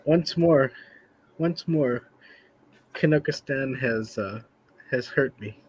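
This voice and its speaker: A man's voice: medium pitch, slow pace, breathy edge, poor audio. A tired man from the United States in casual podcast chat who rambles, jokes and laughs often.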